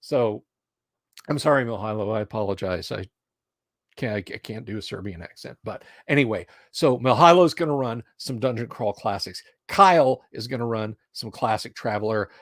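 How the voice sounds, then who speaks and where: A middle-aged man hosting a casual livestream, rambling and hyping up his viewers with lively storytelling. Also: on the low side, moderate pace, dry recording, studio quality. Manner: animated, hype-building and rambling. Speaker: livestream host.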